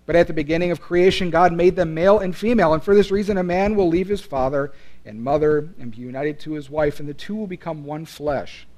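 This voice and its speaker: Male pastor, sermon delivery, slightly high voice, earnest and emphatic. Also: a little fast, a little mellow. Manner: earnest, emphatic preaching with rising and falling intensity.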